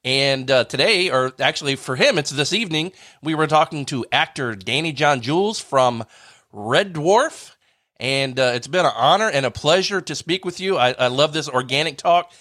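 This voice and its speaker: A man's voice: fairly high pitch, expressive, moderate pace, pushed and bright, dry recording, clean studio sound. A man hosting a radio interview show, reacting briefly and reading out his social media handles.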